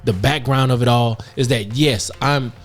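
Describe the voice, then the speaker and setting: A man's voice: mid-range voice, normal speed, soft background music. A man in his fifties, co-hosting a podcast in casual chat, telling self-mocking stories with frequent laughs. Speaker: podcast co-host.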